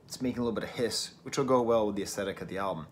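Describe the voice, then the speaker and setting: A man's voice: lowish voice, very fast, slight background noise. A man from New England giving a casual, wry album review at home, often laughing at himself. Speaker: record reviewer. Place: at home, early morning. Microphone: camera mic.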